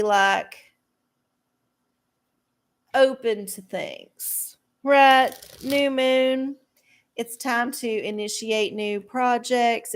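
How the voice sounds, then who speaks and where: A woman hosting a live stream of oracle card readings, chatting casually with viewers in a rambling, profane way. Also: a little high. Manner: profane, rambling, laughs often. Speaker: livestream host giving oracle card readings.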